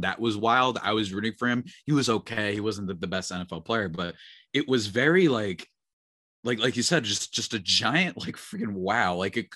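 A man's voice: on the low side, bright, forceful tone, no room sound. Man, podcast co-host, rambling casual talk, dry close sound. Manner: rambling, many "like" fillers. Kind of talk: casual chat.

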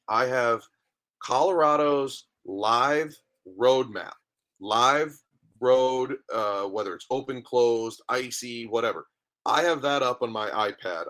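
A man in his thirties talks as a podcast guest in an average-pitched voice. He rambles through stories, acting out the dialogue as he goes. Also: pushed and bright. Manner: rambling storyteller, acts out dialogue. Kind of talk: casual interview chat.

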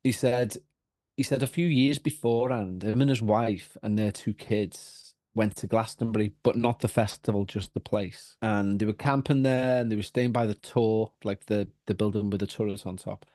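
A man with a Liverpool accent, a podcast guest telling a story in casual chat, animated and full of restarts and repeats. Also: on the low side, normal speed, no room sound, clean studio sound.

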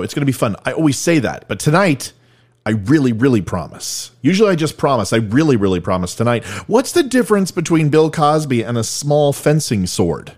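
A middle-aged man hosting a podcast, delivering comedic political commentary in an irreverent, self-deprecating, joking manner. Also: mid-range voice. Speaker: podcast host.

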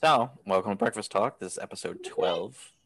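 A man's voice: fairly low pitch, expressive, normal speed, vocal fry, fairly bright tone. A man hosting a podcast in casual, joking chat. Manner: joking, laughs often. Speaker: podcast host and writer.

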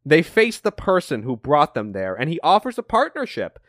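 Male podcast co-host, high bouncy voice, dry close recording, animated casual storyteller. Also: moderate pace, no echo. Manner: animated storytelling with frequent swearing. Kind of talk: casual comic recap chat.

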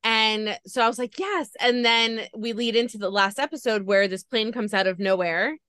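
A woman's voice: on the high side, steady tone, moderate pace, a bit bright, clear, resonant tone, no echo. A woman podcast host gushing as she retells a story in a casual interview chat.

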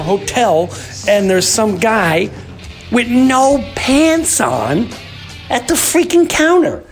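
A man in his fifties hosts his own podcast and tells a long, rambling story, his pitch swinging widely from low mutters to sudden outbursts. Soft music runs faintly underneath his voice. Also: slow pace. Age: 50s. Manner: animated, rambling, jumps to shouting disbelief. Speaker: podcast host. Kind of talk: casual storytelling monologue.

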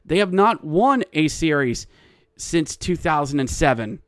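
A man's voice: a little high, big pitch swings, a little slow, no echo, studio quality. A man hosting a solo hockey podcast, ranting in exasperation and working himself up as he goes. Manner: exasperated ranting, getting louder and riled up. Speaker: podcast host. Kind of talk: solo sports podcast rant.

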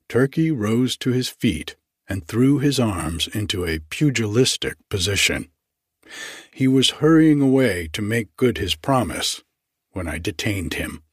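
A man reading a classic story aloud in a deliberate, formal narrating manner. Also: on the low side, slightly rough, no room sound, clean studio sound. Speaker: audiobook narrator.

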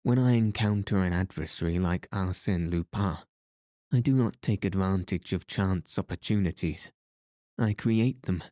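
A man reading the lines of a haughty, calm English detective in a storybook. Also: sits low, normal speed, no room sound, studio quality, natural voice. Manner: calm, stiff and proud. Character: haughty, cool English detective, male, middle-aged.

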